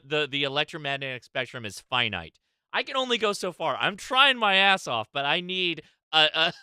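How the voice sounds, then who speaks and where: Male host, very bright, smooth voice, lively and emphatic, dry close sound. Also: fairly high pitch, no room sound. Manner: animated, emphatic, swears. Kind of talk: casual panel discussion.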